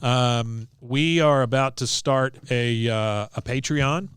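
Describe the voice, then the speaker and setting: A man talks through a cartoon episode on his podcast, loosely and animatedly, slipping into the characters' lines as he goes. His voice is smooth and clear, and the sound is dry and close. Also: medium pitch, slow pace, no room sound. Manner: animated storyteller, acts out quotes, frequent "uh". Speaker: podcast co-host recapping episodes. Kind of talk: casual recap chat. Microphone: desk mic on video podcast.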